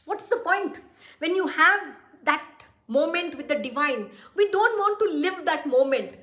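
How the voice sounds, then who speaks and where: A woman's voice: sits high, lively intonation, moderate pace, fairly bright tone. A woman giving a devotional talk as a spiritual teacher, blunt and direct, posing rhetorical questions to her listeners. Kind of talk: devotional discourse. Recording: roomy echo.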